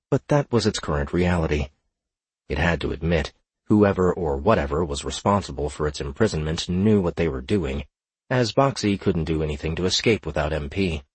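A man narrating an audiobook in a steady, measured reading. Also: low-pitched, breathy edge, dry recording.

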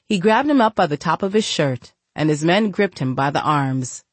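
Low-voiced woman narrating an audiobook. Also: lively intonation, moderate pace, slightly rough, dry recording. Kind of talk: scripted narration.

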